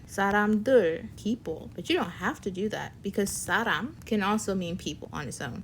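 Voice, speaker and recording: A woman teaching a casual online language lesson. She explains step by step, checks in with "right?", and switches between quick sample sentences and slow explanation. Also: mid-range voice, a little hiss or hum.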